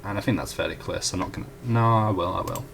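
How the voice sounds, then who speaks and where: Low gravelly young man explaining math. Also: quick pace, background noise. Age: young adult. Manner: chatty, self-correcting, apologetic asides. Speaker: student tutor. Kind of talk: casual whiteboard math walkthrough.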